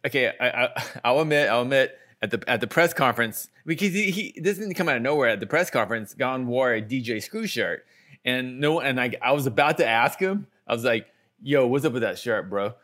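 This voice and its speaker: A man's voice: mid-range voice, expressive, brisk, bright, forceful tone. A man from Houston on a sports panel, telling stories with stammering restarts and chuckles. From Houston, Texas. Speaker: reporter and podcast panelist. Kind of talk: casual sports chat.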